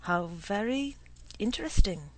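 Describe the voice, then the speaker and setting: A woman's voice: medium pitch, lively intonation, a little slow, darkish tone, slight background noise, natural voice. A woman voicing an eager, naive young man in love who speaks in raised, breathless tones, at times whispering.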